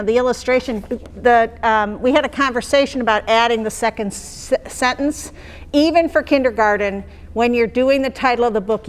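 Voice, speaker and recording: A woman explaining to teachers how she would mark phonics skills in a lesson, in a conversational way that checks in with the listeners. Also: fairly high pitch. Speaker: teacher trainer. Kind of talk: explaining classroom phonics practice.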